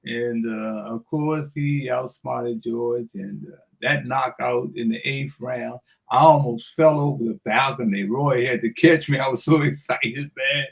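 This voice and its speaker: An older man telling a lively story on the radio. He acts out the voices as he goes, laughs often, and keeps calling the listener "man". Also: medium pitch, a little slow, vocal fry, hardly any pauses, rough recording. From Washington DC area. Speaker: guest storyteller. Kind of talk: animated anecdote on radio.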